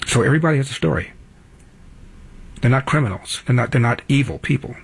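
A man's voice: mid-range voice, steady tone, fairly quick, slightly rough. A man in his seventies hosting a talk show, delivering a blunt, opinionated monologue in a studio and repeating his points for emphasis. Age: 70s.

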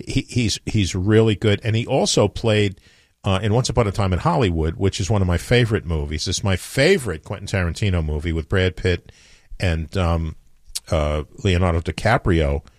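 A man's voice: low voice, moderate pace, no room sound, clean studio sound. A man hosting a morning radio show, chatting offhand and rambling with lots of fillers and restarts. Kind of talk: casual morning radio chat.

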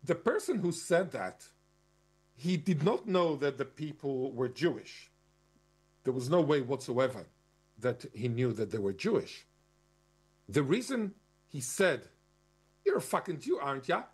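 A man's voice: medium pitch, big pitch swings, a little slow, long pauses, darkish tone, husky. A man giving an argumentative lecturing monologue, stressing key words and spelling out terms. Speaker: commentator.

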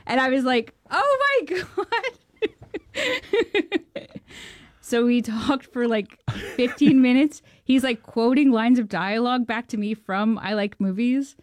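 Excitable Canadian woman, interview guest, dry close mic. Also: a little high, moderate pace, dry recording. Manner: excitable, laughing often, acting out quoted dialogue. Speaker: filmmaker guest. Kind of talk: animated storytelling in an interview.

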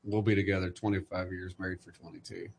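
Middle-aged guy hosting a podcast, low flat voice, calm and reflective, talks faith and family. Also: gravelly, slight background noise. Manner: measured and reflective, speaks warmly of faith. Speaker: podcast host. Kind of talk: casual conversation about faith.

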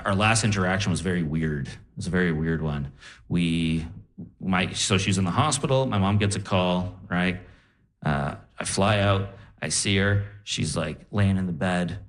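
A young man doing a stand-up set on a live stage, telling stories in a lively, animated way. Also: sits low, moderate pace. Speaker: stand-up comedian. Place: live comedy stage with audience.

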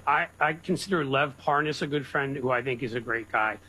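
A middle-aged man co-hosting a talk radio show, rambling with halting restarts. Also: mid-range voice, pushed and bright, slightly rough, rough recording. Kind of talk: casual political talk.

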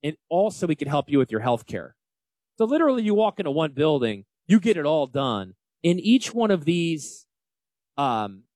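A man in his forties with a Northern US accent, hosting a radio talk show on financial planning. He talks loudly and energetically, joking and yelling into a close mic. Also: fairly high pitch, no echo. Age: 40s. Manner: loud, yelling. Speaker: financial advisor radio host. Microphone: close studio mic.

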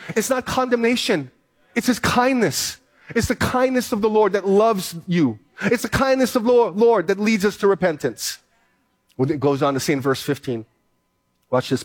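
A man in his fifties, a pastor preaching an impassioned sermon, repeating phrases and stumbling over restarts as he presses his point. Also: high-pitched. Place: church in Hawaii.

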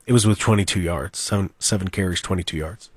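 A man hosting a sports talk radio show, talking in an animated, rambling, opinionated way and mocking the people he talks about. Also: low voice, fast, breathy edge, no echo. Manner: animated, rambling, mocking, with mimicked crowd voices. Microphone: studio microphone.

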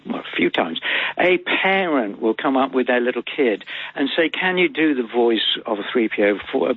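A man's voice: medium pitch, slightly rough, no echo. An older actor chatting as a radio guest, wry and genteel as he tells stories. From England. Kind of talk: phone interview chat. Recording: tinny dry phone line.

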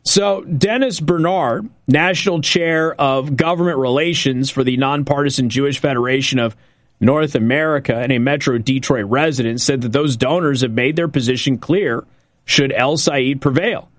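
A man hosting a political talk radio show, delivering an emphatic, sarcastic monologue and repeating points slowly for effect. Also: mid-range voice, no room sound, studio quality.

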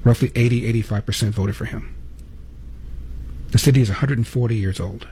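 A man's voice: mid-range voice, brisk, warm tone, slight background noise. A man hosting a political commentary monologue, with pointed rhetorical questions. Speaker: commentary host.

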